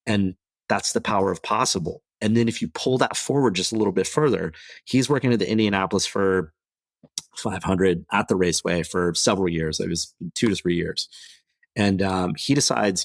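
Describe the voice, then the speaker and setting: A man who is a guest on a podcast, telling animated stories about veterans changing careers and acting out the dialogue. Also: low-pitched, moderate pace, vocal fry, no echo. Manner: animated storyteller, acts out quoted dialogue. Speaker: podcast guest, veterans' transition program executive. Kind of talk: casual storytelling interview.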